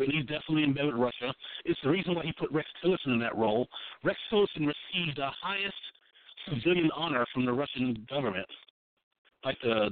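A man's voice: on the high side, no echo. A man giving casual political commentary as a podcast co-host, blunt and profane, often restarting and repeating himself as he builds a point. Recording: thin phone-like dry sound.

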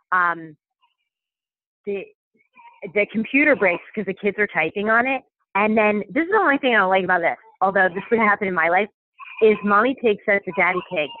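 A woman's voice: mid-range voice, dry recording. A woman chatting casually as a podcast guest, rambling with many fillers and restarts. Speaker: podcast guest, stay-at-home mom. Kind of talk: casual chat. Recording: dry tinny phone-like sound.

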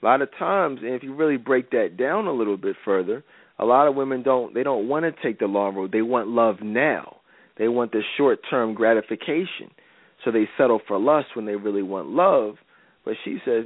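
A man hosting a faith-based advice talk show, preaching in a loose and slangy way. His voice sits in an ordinary middle pitch. It comes through dry and tinny, like a phone line. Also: animated, moderate pace, dry recording. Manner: casual slangy preaching, repeats "you know what I'm saying". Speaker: radio show host.

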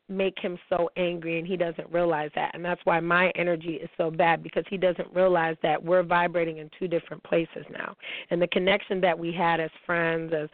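A woman's voice: fairly low pitch, dry recording, narrow, tinny audio. A woman hosting a casual spiritual monologue, blunt and profane, talking straight to her listeners. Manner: blunt, profane and emphatic, often swearing; addresses listeners directly as y'all. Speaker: host.

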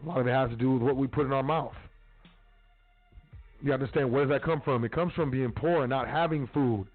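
A man's voice: medium pitch, brisk. A man hosting a casual talk show, speaking bluntly with street slang and some profanity. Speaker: podcast host. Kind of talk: casual monologue. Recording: tinny phone-line sound with faint music.

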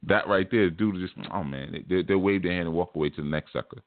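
A man's voice: low-pitched, quick pace, dry recording. A man hosting a spiritual teaching show, talking in a casual, laid-back, streetwise way and often repeating his phrases. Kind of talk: casual livestream talk. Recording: tinny phone-like dry sound.

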